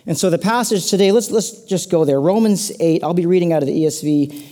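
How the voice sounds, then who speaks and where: Man preaching in a mellow voice. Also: high voice, fairly quick. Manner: casual, conversational preaching with playful asides. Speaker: pastor. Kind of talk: sermon.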